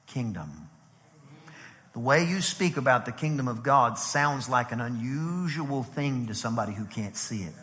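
A middle-aged man preaching a sermon as pastor, lively and conversational, acting out quotes as he goes. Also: medium pitch. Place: church sanctuary. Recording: long hall reverb from a church.

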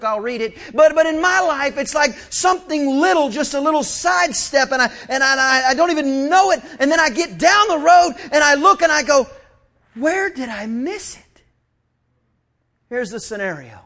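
A man preaching a sermon as pastor, lively and full of stammered restarts. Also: extremely high pitch, brisk, few pauses. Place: church sanctuary.

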